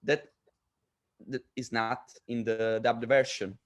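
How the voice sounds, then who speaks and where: An Italian-speaking man explains his film in English, pausing and restarting as he searches for words. His voice sits at an ordinary middle pitch for a man. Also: little pitch movement. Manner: halting non-native English, lots of fillers and restarts. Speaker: film director. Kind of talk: casual interview conversation.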